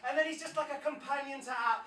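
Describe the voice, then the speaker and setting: Anxious rambling high-voiced man. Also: steady tone, fast, distant mic. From South-West England. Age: 30s. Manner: anxious, self-interrupting, laughing. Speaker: poet performing a live set. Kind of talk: rambling stand-up poetry patter. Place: pub stage before a live audience. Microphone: stage microphone, often off-mic. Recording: echoey pub room from afar, crowd.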